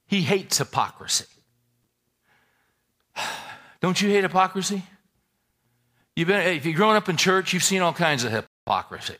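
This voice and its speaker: A man preaching a sermon, lively and folksy, full of rhetorical questions and asides. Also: on the high side, measured pace, long pauses. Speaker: pastor.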